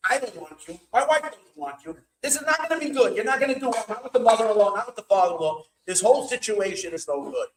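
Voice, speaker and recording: A hot-tempered rich father-in-law from a told story, pressing hard and bargaining, as a man voices him. The voice sits high and swoops widely in pitch. It rings out in an echoey room. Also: expressive, fast, hardly any pauses, far from the mic. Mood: persuading. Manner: pleading then bullying, emphatic. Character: wealthy middle-aged father-in-law, pushy and hot-tempered.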